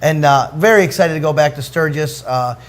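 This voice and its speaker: A man's voice: on the high side, fairly quick. A middle-aged man hosting a casual talk show, telling rambling stories and chuckling between lines. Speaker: show host. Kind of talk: casual chat.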